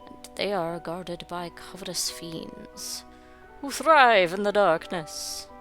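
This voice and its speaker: A woman's voice: lowish voice, lively intonation, slow pace, music in the background. A young woman giving wry, sarcastic commentary while playing a building game. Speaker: game streamer. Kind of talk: gameplay commentary.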